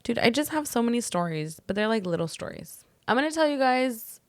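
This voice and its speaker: A woman's voice: a little high, sing-song, brisk, no room sound. A young woman co-hosting a casual podcast, telling stories, swearing freely and acting out what people said. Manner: storytelling, swears freely, acts out quotes. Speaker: podcast co-host. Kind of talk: casual chat.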